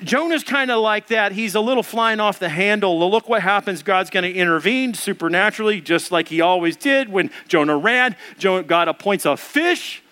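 A man's voice: high voice, brisk, few pauses, sharp tone. A man preaching a conversational sermon, often asking the congregation questions and reading along with them. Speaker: pastor.

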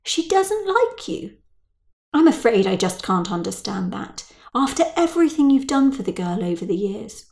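A woman voicing a scheming, coolly practical woman friend in a brisk, knowing voice. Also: a little high, sing-song, vocal fry, darkish tone, reverberant. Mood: coaxing.

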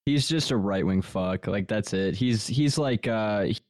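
A man's voice: fairly low pitch, a little slow, darkish tone. A man co-hosting a podcast who rants casually, swearing constantly and padding his speech with "like". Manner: profane, ranting, full of filler words. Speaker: podcast co-host. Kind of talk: casual chat.

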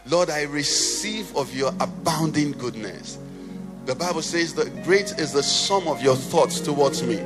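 A man preaching and leading prayer in church, with a passionate sing-song delivery that rises to shouts and falls to a hush. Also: fairly high pitch, unhurried. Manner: impassioned, sing-song cadence, swells to shouts then drops to hushed prayer. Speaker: pastor. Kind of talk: sermon and led prayer. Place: church sanctuary. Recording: reverberant church hall with faint music.

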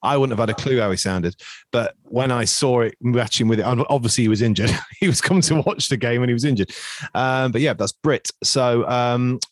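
A man's voice: mid-range voice, brisk, no room sound, clean studio sound. A man hosting a casual quiz podcast over a video call, chatty and teasing as he rambles on. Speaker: quiz host.

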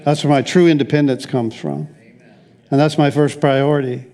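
A man's voice: a little high, fairly even intonation, normal speed, mellow. An older man preaching a conversational sermon as pastor, rambling along with frequent restarts and wry asides.

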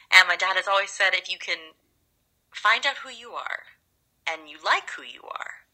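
A young woman from Los Angeles, a guest actress, telling animated stories in a casual interview. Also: on the low side, rough recording. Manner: animated, drawn-out storytelling.

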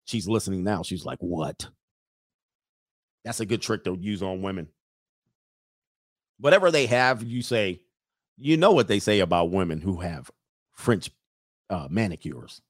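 A man's voice: deep voice, expressive, a little slow, pauses often, no echo, studio quality. A man hosting a casual livestream, reading viewer messages, joking, laughing often and mimicking people.

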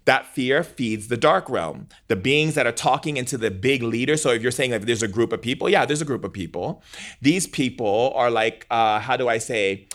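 A man speaking as a guest in an interview, earnest and animated, often saying "like" and acting out dialogue as he tells stories. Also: mid-range voice, normal speed. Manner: animated, earnest, uses "like" a lot, acts out dialogue. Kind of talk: interview conversation.

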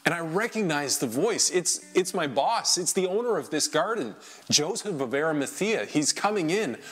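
A man's voice: fairly high pitch, animated, normal speed, husky. Man telling an intense first-person monologue. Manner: emotional, intense, swings between hushed and loud. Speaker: dramatic storyteller.

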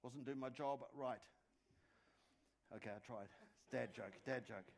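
A pastor preaching a sermon in a conversational way, with quick asides and jokes and words repeated for emphasis. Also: male voice, mid-range voice, creaky.

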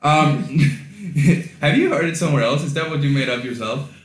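A man's voice: fairly high pitch, quick pace. A young man with a Swedish accent hosting a casual podcast, joking crudely and rambling with many restarts. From Sweden. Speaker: podcast host. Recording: echoey room.

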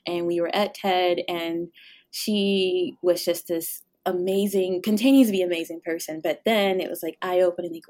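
Low-pitched woman host, chatty. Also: fairly even intonation, moderate pace. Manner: warm, encouraging listener, frequent laughs. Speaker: podcast host. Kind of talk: casual interview chat.

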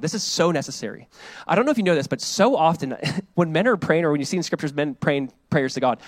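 A man preaches casually as a pastor, his voice on the high side, performing quoted voices and going softly hushed as he reflects. The recording is dry.

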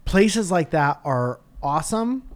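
Guy hosting a podcast, ranting stories, swears a lot, jokey and animated. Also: on the high side, takes it slowly. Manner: animated storytelling, profane and jokey. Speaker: podcast host. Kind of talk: casual chat.

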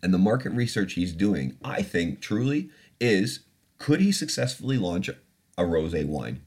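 Low-voiced laughing man, podcast host. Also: sing-song, measured pace, a little mellow. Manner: laughs often, loose and chatty; swears casually. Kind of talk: casual podcast chat.

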